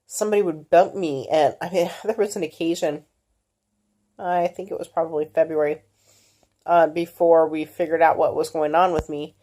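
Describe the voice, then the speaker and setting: A middle-aged woman telling her own health story in a casual vlog, candid and halting, with many fillers and restarts. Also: deep voice, a little mellow. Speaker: vlogger.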